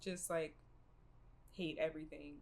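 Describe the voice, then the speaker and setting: A young woman co-hosting a casual podcast chat, candid and profane, telling stories with lively energy. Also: low-pitched, unhurried, vocal fry. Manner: candid and profane, animated storytelling. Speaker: podcast co-host.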